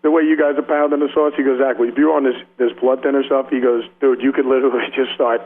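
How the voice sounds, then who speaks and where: A man's voice: mid-range voice, flat delivery, quick pace. A man telling rambling stories in a casual radio interview, heavy on slang, laughing often and acting out the people in them. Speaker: rock guitarist guest. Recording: slightly dull radio audio.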